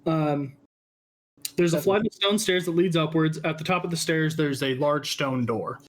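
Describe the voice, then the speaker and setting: A man narrating as dungeon master in a tabletop game, halting with many ums and restarts. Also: on the high side.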